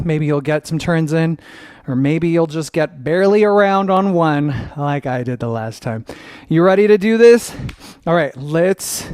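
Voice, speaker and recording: A young man leads a dance class in an upbeat, encouraging way, counting out each step. His voice sits a little high, and the sound is dry and close. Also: darkish tone, clean tone, no echo. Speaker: dance teacher.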